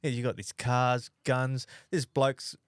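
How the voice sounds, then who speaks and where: A man's voice: mid-range voice, flat delivery, slow pace, clear, resonant tone, no room sound, clean studio sound. A man with an Australian accent co-hosting a podcast, chatting casually and rambling with frequent restarts. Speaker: podcast co-host. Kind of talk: casual chat.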